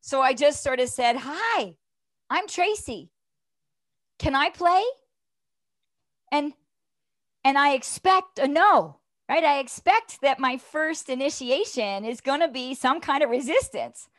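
A middle-aged woman speaks in a fairly high voice, earnest and animated as she tells her story. She keeps checking in with her listener. The sound is close and dry. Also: measured pace, dry recording. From Canada. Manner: earnest and animated, repeats "right?" often. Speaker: guest. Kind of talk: conversational storytelling interview.

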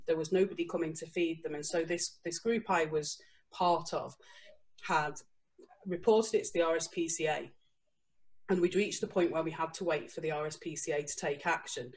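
A woman, a guest author telling a lively story and breaking into laughter and quoted voices. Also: lowish voice. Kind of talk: casual storytelling.

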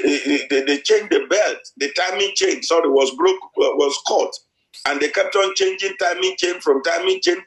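A man's voice: a little high, vocal fry, fairly bright tone. A middle-aged man preaching a sermon, repeating himself with many hesitant restarts. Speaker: pastor. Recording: echoey church hall.

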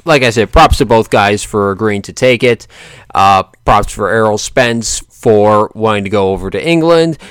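A man's voice: lowish voice, moderate pace, fairly bright tone, smooth, no room sound, clean studio sound. A man giving casual boxing commentary in a rambling, joking way, often correcting himself and laughing.

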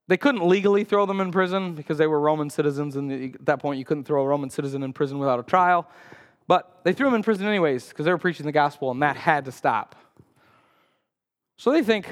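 A man preaching a sermon as pastor, telling a story with lively acted-out quotes and sudden loud cries. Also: big-room sound. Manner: animated storytelling, acts out quotes with sudden high outbursts. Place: church sanctuary.

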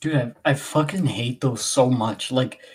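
A man's voice: medium pitch, measured pace, slightly rough. A man rambling casually on a streamer podcast, full of fillers and swearing freely. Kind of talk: casual chat.

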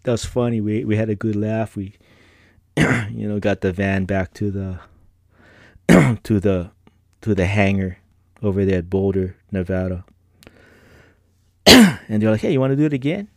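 A man's voice: fairly low pitch, fairly even intonation, unhurried, vocal fry, long pauses, no room sound, studio quality. A middle-aged man hosting a podcast, telling personal stories in a laid-back, rambling way with slang and frequent laughter. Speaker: podcast host. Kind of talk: casual personal storytelling.

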